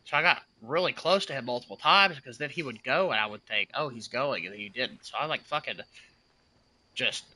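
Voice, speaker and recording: A man's voice: mid-range voice, fairly quick, pushed and bright. A young man streaming a game and chatting casually, telling a long story in an emphatic, profane way. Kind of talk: casual rambling chat.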